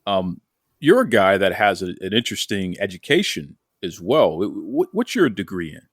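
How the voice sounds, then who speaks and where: A man's voice: low voice, big pitch swings, normal speed, dry recording, studio quality. A man hosting a wrestling interview show, asking questions in a playful, teasing way. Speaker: podcast host.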